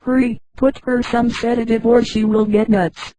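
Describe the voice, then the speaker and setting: A woman's synthetic voice reading the brisk lines of a bossy female ship's cook in a spoken sci-fi story. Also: fairly high pitch, flat delivery, mellow, no echo, close to an everyday voice, low-quality recording.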